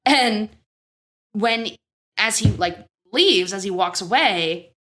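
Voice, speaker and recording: A woman's voice: medium pitch, expressive, slow pace, bright, forceful tone. A woman in her thirties co-hosting a podcast, chatting casually as she retells an episode, swearing freely and acting out the characters' lines. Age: 30s. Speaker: podcast co-host. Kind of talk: casual chat recapping an episode.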